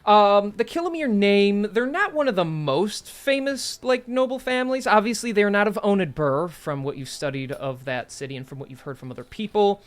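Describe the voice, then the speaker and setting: A man's voice: high voice, lively intonation, moderate pace, hardly any pauses. A man narrating as dungeon master in a casual tabletop session, loose and full of fillers. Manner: loose, filler-heavy narration with self-corrections.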